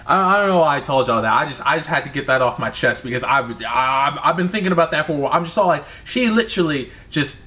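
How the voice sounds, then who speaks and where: A man's voice: on the high side, animated, quick pace, bright, forceful tone. A man from the United States talking through a casual game review vlog, rambling, profane and full of restarts. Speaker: video creator.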